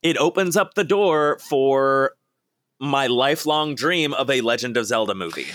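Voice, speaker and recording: A man co-hosting a casual podcast chat, excitable and quick to break into impressions. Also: medium pitch, dry recording. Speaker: podcast co-host.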